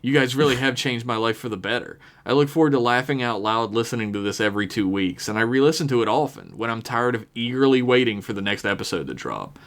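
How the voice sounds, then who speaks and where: A man's voice: medium pitch, lively intonation, quick pace, hardly any pauses, a bit bright. Male podcast co-host, casual chat, wry email reader with a loose, profane delivery. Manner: wry, swears casually, reads with mock drama.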